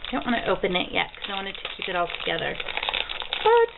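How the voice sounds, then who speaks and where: A woman's voice: mid-range voice, wildly swooping pitch, fast, gravelly. A woman in her thirties vlogging at home, gushing in a bubbly, easily delighted way over a package of gifts. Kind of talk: casual mail haul vlog. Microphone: built-in camera mic. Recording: tinny lo-fi camera audio with faint hiss.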